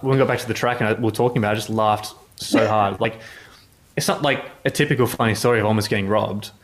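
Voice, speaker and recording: Man, journalist, casual interview anecdote, rambling, fairly low voice. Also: fairly even intonation, fast talker, slight background noise. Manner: rambling, full of "like" and restarts. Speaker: motorsport journalist.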